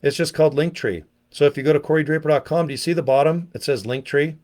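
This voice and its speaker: A middle-aged man giving a casual, pushy sales pitch to camera outdoors, talking folksy and checking in with "okay?" and "guys". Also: steady tone, fast talker, a little mellow. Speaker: online business vlogger. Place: outdoors, windy.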